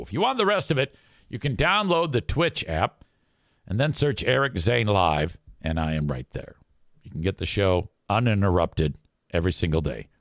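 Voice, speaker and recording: A man's voice: lowish voice, no room sound. Middle-aged guy hosting a live stream, crude and sweary, rambles a lot, dry close mic. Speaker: live show host. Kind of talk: casual live-stream talk.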